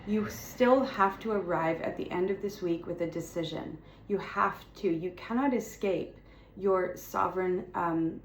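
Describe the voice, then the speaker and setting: A woman's voice: fairly low pitch, measured pace, slight background noise. A woman speaking as a spiritual content creator, giving impassioned encouragement to her viewers in a fervent, repetitive way with emphatic declarations. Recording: roomy echo with faint ambience.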